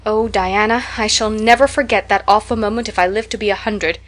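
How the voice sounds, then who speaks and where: A talkative, imaginative young orphan girl, as a woman narrator puts her on, spills out her tales in a breathless, dramatic rush. She sounds like a storybook heroine who never stops dreaming aloud, at a middling pitch. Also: fairly even intonation, brisk, close to an everyday voice. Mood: gushing.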